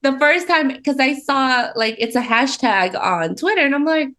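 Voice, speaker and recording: Woman podcast co-host, easygoing casual chat, somewhat high voice. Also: moderate pace. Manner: laughs often, relaxed and easygoing.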